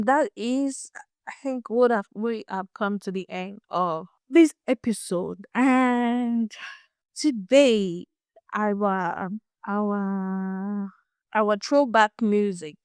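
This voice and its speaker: A young Nigerian woman hosting a casual solo podcast, chatty and animated, laughing often and repeating words as she goes. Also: medium pitch, clear, resonant tone, no echo, studio quality. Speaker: podcast host.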